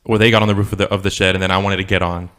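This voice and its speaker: Young man, podcast co-host, casual rambling chat, swears a lot, fairly low voice. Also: level tone, rapid-fire, fairly bright tone. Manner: rambling, swears, laughs often.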